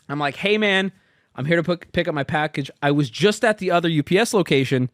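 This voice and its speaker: A man in his thirties telling a long story in a casual, animated way, swearing and acting out the exasperated dialogue. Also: on the high side, normal speed, dry recording, clean studio sound.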